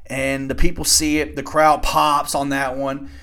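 A man in his twenties hosting a podcast, casually recapping wrestling in a rambling, excitable way with some swearing. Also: medium pitch, a little slow. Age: 20s. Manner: rambling, excitable, profane storytelling. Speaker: podcast host.

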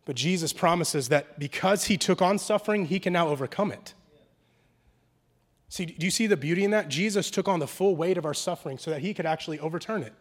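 A man with a high, light voice preaching a sermon. He talks in a casual, conversational way, drops in slang, and moves between hushed, intimate stretches and loud, animated bursts. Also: brisk. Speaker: pastor.

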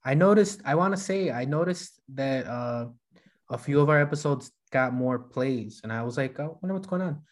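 A man's voice: medium pitch, lively intonation, normal speed. Chatty teasing podcast co-host, a man. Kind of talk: casual podcast chat.

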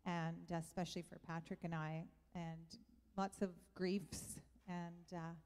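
A woman's voice: fairly low pitch, little pitch movement, slow pace, darkish tone. A woman sharing a hesitant, earnest testimony at a church gathering. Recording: long reverb of a large room.

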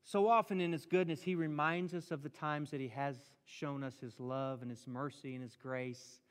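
A middle-aged man preaching a sermon as a pastor, animated, acting out prayers in a raised voice. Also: fairly high pitch, moderate pace, smooth. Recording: long reverb of a hall.

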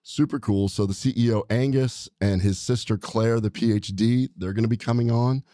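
A man's voice: mid-range voice, fairly even intonation, normal speed, warm tone, no room sound. A man hosting a podcast, talking in an enthusiastic, rambling way with frequent restarts, in a studio. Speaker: podcast host, doctor. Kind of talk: casual podcast chat.

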